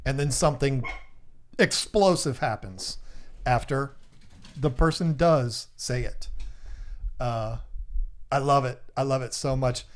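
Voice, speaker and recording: A man with a drawl chats casually on a live stream. He teases his viewers in a playful, bantering way and reels off their guesses one after another. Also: mid-range voice. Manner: playful, teasing, lists guesses rapidly. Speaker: livestream host.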